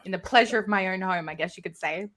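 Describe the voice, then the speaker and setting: A woman's voice: medium pitch, fast, a bit bright. An Australian woman chatting casually as a livestream guest, blunt and joking, laughing often.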